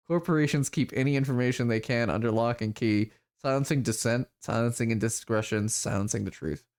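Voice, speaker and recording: A man reading an automated phone message from a game in a flat, steady voice. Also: mid-range voice, close to an everyday voice. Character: monotone automated message voice, male. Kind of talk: reading game text aloud.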